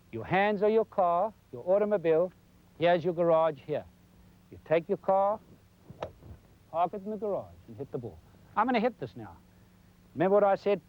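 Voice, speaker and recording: Guy with a high voice teaching golf on old 90s tv, folksy and chatty, showing the moves as he goes. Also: narrow, tinny audio. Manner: folksy, demonstrating while talking. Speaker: golf instructor. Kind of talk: televised golf lesson. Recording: 1990s television broadcast.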